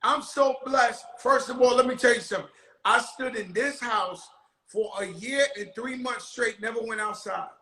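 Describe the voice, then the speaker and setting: Loud, bright-voiced rowdy man host. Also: very high-pitched, normal speed, echoey room, poor audio. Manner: rowdy, profane storytelling with shouted bursts. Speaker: show host. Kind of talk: casual chat.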